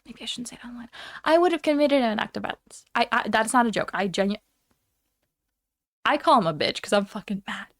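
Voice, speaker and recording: A woman's voice: a little high, fairly quick, no room sound, studio quality. Fired-up young woman ranting on stream. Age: young adult. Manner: heated, profane, animated storytelling. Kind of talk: casual ranting chat.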